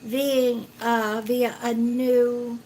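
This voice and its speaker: A woman psychic reads cards for viewers on a live stream, speaking very slowly in a gentle, slightly high voice. She pauses often with fillers and calls people sweetheart. A faint hiss of room noise sits under her home recording. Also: little pitch movement, poor audio. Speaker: psychic reader. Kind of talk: live-stream card reading.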